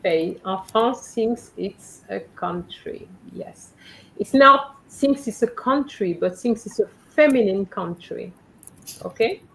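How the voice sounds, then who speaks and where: A woman's voice: fairly high pitch, lively intonation, takes it slowly, vocal fry, fairly bright tone, slight background noise, low-quality recording. A woman teaching French in a live online class, patiently going through her students' letters and correcting them one by one over a video call.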